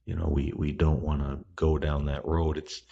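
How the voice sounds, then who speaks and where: A man hosts a podcast in a very deep voice that is husky and rough. He talks in a relaxed, unhurried monologue and often restarts his sentences. The recording sounds somewhat muffled and lo-fi. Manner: unhurried, with frequent restarts and fillers. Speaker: podcast host. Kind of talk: casual spoken monologue. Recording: dull, lo-fi recording.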